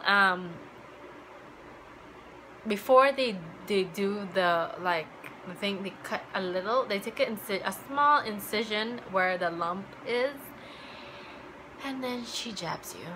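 Young woman, vlogger, bright clear tone, chatty and filler-heavy, faint background hiss. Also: medium pitch, poor audio. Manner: chatty, full of "like" fillers, acts out remembered dialogue. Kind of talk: casual personal storytelling.

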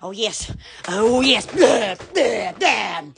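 A woman from Alabama, chattering excitedly on a phone livestream, giggling, gushing and stammering. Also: medium pitch, slow pace, a little hiss or hum. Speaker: social media livestreamer.

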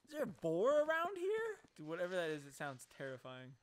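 A man commentating a horror game with a friend, swearing, bursting into loud laughter and dropping to a hush. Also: high voice, wildly swooping pitch, fairly quick, heavy background noise. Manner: loud laughing outbursts, swearing, drops to hushed tones. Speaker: let's play co-host. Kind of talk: casual gaming commentary.

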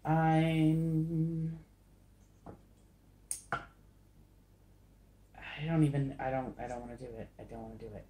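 A woman's voice: deep voice, monotone, slow pace, long pauses, dark tone. A woman chatting casually and self-deprecatingly to the camera while she pours paint, giggling often. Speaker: acrylic pour artist. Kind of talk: casual craft vlog chat. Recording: echoey room.

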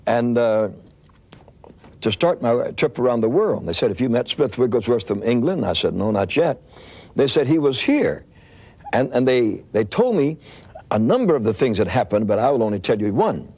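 An older male preacher tells a story from the pulpit, his pitch rising and falling in lively swoops. He talks in an animated, rambling way, often stumbling and restarting his phrases. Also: moderate pace, breathy edge. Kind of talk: storytelling sermon.

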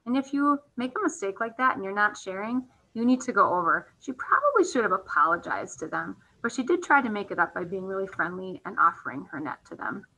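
A woman teacher reading a storybook aloud to young children, gently asking them questions about it. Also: medium pitch, sing-song, brisk, hardly any pauses, rough recording.

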